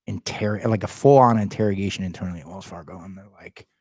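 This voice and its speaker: Loud, profane man with a husky voice. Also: low-pitched, fast talker, dry recording, studio quality. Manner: loud, heavily profane, fired-up storytelling; slangy, calls listeners bro and dude. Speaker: podcast guest, realty company head. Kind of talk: casual storytelling chat.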